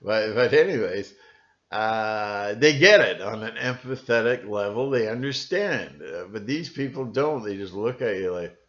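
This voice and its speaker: Halting man rambling on lo-fi audio. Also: fairly low pitch, animated, a bit bright. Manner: halting, with many fillers and restarts. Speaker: channel host. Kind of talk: rambling solo monologue. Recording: dull lo-fi recording.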